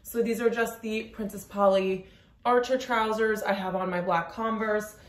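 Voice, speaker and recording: During a work lunch break, a woman fashion vlogger talks directly to camera from a room at home, giving a casual outfit walkthrough. She's relaxed, chatty, and quick, with an ordinary mid-range pitch and lots of "like" fillers. The room has a noticeable echo.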